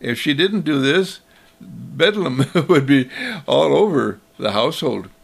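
A man's voice: medium pitch, lively intonation, unhurried, vocal fry. A man giving a sermon-like talk as a speaker, telling a story and acting out its voices.

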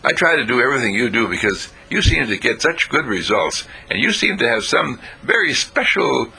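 A man's voice: big pitch swings, normal speed, vocal fry, bright, forceful tone, slightly rough, exaggerated voice, low-quality recording. A man voicing an eager, curious male friend in a told story, asking questions in a raised voice. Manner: questioning, wide-eyed, raised pitch.

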